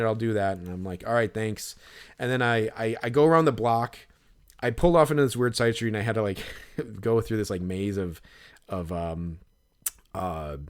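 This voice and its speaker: A man with a somewhat low voice tells a long story on a casual podcast. He rambles and piles up fillers. He swears freely and acts out his own thoughts in quotes. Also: smooth. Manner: rambling, lots of fillers and profanity, animated when retelling. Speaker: podcast co-host.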